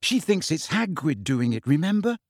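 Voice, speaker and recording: Guy putting on a grumpy know-it-all schoolgirl, higher voice, snappy. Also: very animated, moderate pace, dry recording, clean studio sound. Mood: irritated. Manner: snappish, raised and clipped. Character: clever, bad-tempered teenage schoolgirl. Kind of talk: audiobook character voice.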